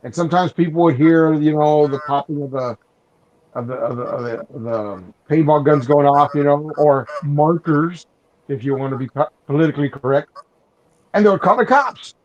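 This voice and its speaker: A man's voice: a little high, normal speed, a little mellow. A man chatting casually on a podcast, telling rambling stories full of restarts and "you know.". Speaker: podcast host. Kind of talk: casual chat. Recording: dull lo-fi sound.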